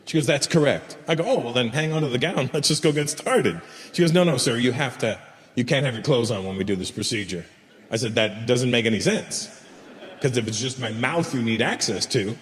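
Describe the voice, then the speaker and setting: A man's voice: medium pitch, animated, fairly quick. Stand-up comic man in an echoing hall. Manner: storytelling with acted dialogue and crude jokes. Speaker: stand-up comedian. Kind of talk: stand-up comedy set. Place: large live venue with laughing audience. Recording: roomy echoing hall, faint ambience.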